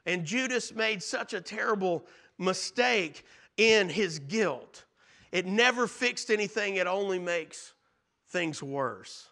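A man preaching a sermon, earnestly retelling scripture and swinging from loud emphasis to hushed near-whispers. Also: high voice, expressive, slow pace, creaky. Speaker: pastor.

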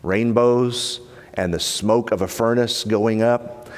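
A man preaching a sermon in an earnest, emphatic manner, slowing down to stress key points. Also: on the low side. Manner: earnest, emphatic, slows down for weight. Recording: long hall reverb.

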